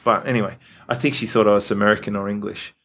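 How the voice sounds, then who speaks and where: A man's voice: lowish voice, fairly even intonation, fast talker, fairly bright tone, slight background noise. An Australian man co-hosting a casual chat, rambling through stories with lots of fillers. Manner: rambling storyteller, filler-heavy. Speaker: podcast co-host.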